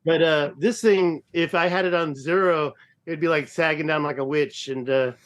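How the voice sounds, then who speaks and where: A man's voice: a little high, fairly even intonation, normal speed, a bit bright. Joking, rambling man in his fifties. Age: 50s. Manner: joking, rambling, self-deprecating. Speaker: guest explorer and researcher. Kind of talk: casual podcast chat.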